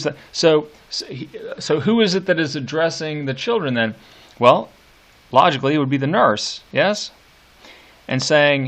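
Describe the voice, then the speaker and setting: A middle-aged man teaching literature, reading poetry aloud slowly and annotating it, with hesitant fillers. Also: on the high side, animated, a bit bright. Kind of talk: lecture with poem reading.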